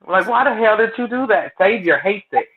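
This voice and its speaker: Male guest, casual and blunt, fairly high voice, phone-quality audio. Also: expressive, a little fast. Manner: chatty, anecdotal, blunt. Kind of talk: casual chat. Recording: tinny phone-like line.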